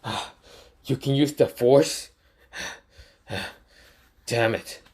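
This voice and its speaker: A man's voice: medium pitch, fairly even intonation, drawn-out words, darkish tone, husky, heavily acted. A man voicing a stubborn, indignant male warrior knight who blurts out his lines in a casual fan retelling.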